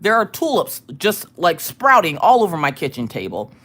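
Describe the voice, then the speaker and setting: Lively woman greeting live chat. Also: fairly low pitch, moderate pace. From United States. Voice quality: ticklish cough in throat. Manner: greets chat by name, swears casually. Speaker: livestream host. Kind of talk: casual live-stream chat.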